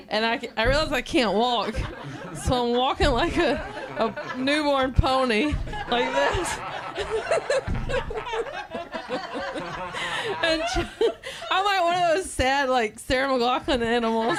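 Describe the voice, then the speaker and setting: A woman telling a funny personal story, animated and often breaking into laughter. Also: a little high. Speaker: comedian. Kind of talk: comedic storytelling.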